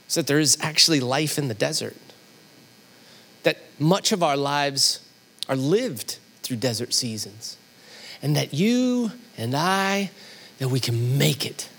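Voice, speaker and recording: A middle-aged man preaching a sermon, opening with a lively personal story in which he acts out both sides of a conversation. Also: a little high, husky. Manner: animated storyteller, acting out both sides of a dialogue. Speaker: pastor.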